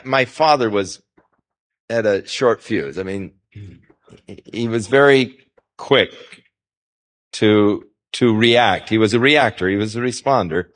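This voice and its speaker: A male pastor giving a conversational Bible-teaching sermon, folksy and anecdotal, with rising emphasis on scripture. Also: on the low side. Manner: folksy, anecdotal, chuckles at his own stories.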